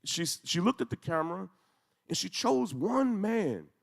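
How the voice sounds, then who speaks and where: A man's voice: high voice, big pitch swings, unhurried, gravelly. Intense man telling a story in a hall. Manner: intense, storytelling with rising emphasis. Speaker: speaker. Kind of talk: emotional speech to a congregation. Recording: echoey hall.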